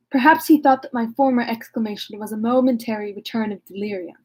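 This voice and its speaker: A woman's voice: a little high, darkish tone, breathy edge. A woman reading a classic novel aloud, breaking off now and then for wry, joking asides. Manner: wry asides, laughs at herself. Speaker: reader.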